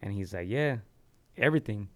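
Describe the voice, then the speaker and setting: Male podcast host, lower voice, smooth and easygoing, chatty with filler. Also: animated. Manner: easygoing, fills pauses with um, laughs easily. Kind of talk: casual chat.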